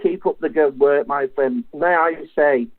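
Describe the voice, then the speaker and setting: Impassioned caller on a phone line. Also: male voice, on the high side, measured pace. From England. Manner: earnest and impassioned, repeatedly addressing the host by name. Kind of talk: phone-in call.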